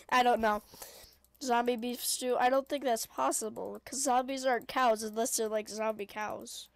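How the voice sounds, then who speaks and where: Excitable high-voiced woman with voice cracks. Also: moderate pace, gravelly, no room sound. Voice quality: prone to voice cracks. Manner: excitable, shrieking and chattering at the game. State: sniffly. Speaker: gaming video creator. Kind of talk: gameplay commentary.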